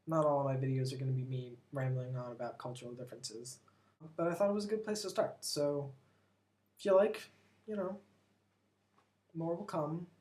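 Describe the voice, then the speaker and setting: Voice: mid-range voice, darkish tone. An American vlogger living in Britain, rambling casually and talking with lots of "like" and strong opinions. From United States. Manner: chatty, rambling, full of "like", opinionated. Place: lives abroad in Britain.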